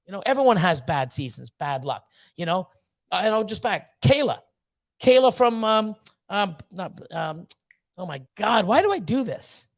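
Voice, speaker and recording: A man with a notably high voice rants on a livestream, blunt and profane. He pushes hard with fired-up motivational talk and swears constantly. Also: sing-song, normal speed, vocal fry. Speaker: snake breeder hosting a livestream. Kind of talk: livestream rant.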